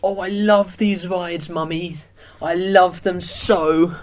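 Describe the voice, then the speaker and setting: A man's voice: sits high, steady tone, slow. A man voicing a timid young boy who is easily scared, whiny and fearful, in an improvised comedy scene.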